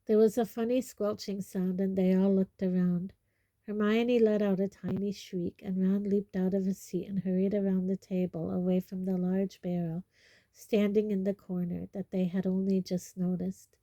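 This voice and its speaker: A woman reads a storybook chapter aloud in a measured, expressive way. Her voice is warm and dark, and the recording is dry with no room sound. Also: medium pitch, no echo. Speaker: audiobook reader. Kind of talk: storybook narration.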